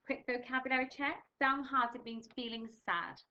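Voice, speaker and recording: A woman's voice: medium pitch, normal speed, bright, forceful tone, highs cut off. A young English woman teaching a primary school reading lesson, patiently explaining words and reading a storybook aloud with expression. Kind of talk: recorded remote reading lesson.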